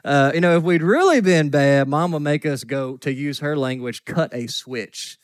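Folksy joking pastor preaching. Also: male voice, on the high side, expressive, normal speed, smooth, no echo. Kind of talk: sermon. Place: church sanctuary.

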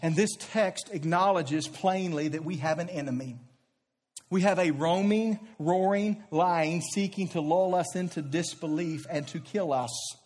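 Pastor, male, high-pitched voice, fervent preacher who drops soft then climbs loud through repeated rhetorical questions. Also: measured pace. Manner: repeats phrases in building rhetorical runs. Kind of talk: sermon.

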